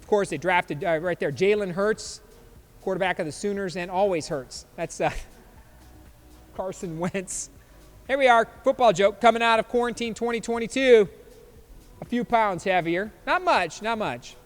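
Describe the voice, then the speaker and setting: A man's voice: high-pitched, moderate pace, pauses often, long reverb tail, soft background music. A man in his fifties hosting a podcast, reacting to memes in a loose, joking way and laughing often. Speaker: podcast host. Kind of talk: casual chat reacting to memes.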